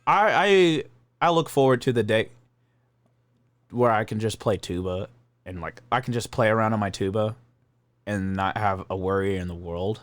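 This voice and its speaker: A man appearing as a guest on a casual podcast, talking in a profane, joking, animated way. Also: on the low side, moderate pace, pauses often, no echo. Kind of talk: casual chat.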